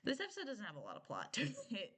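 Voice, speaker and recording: A woman's voice: medium pitch, huge pitch swings, fast, fairly bright tone, husky. A young woman chatting casually on a live stream, rambling with lots of filler words and frequent giggles. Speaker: streamer reviewing a TV show.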